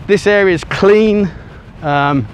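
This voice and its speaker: A man's voice: high voice, slow, slight background noise. A man vlogging casually as he walks along a beach, talking to a handheld camera in a rambling way full of ums and uhs, a little out of breath. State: out of breath from walking on sand. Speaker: travel vlogger. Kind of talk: casual walking vlog to camera. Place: outdoors on a sunny beach. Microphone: handheld camera he turns around.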